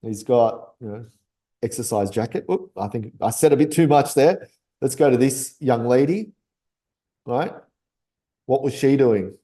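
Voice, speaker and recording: A man teaching memory tricks in a loose, conversational way. His voice is warm and mellow. He laughs easily and peppers his points with quick "right?" check-ins. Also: mid-range voice. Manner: chatty, keeps asking "right?", laughs often. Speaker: memory coach. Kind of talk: casual teaching talk.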